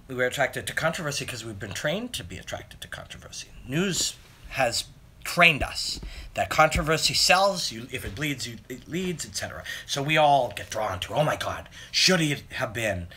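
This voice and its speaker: A man's voice: medium pitch, pushed and bright, a little hiss or hum. A man hosting a casual live stream, rambling through fight analysis and answering viewer comments from his phone. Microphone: phone camera.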